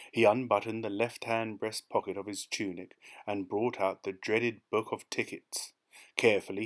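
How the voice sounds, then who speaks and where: A man reading a short story aloud as audiobook narration, in a measured, even manner. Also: fairly low pitch. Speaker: audiobook reader. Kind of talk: scripted narration.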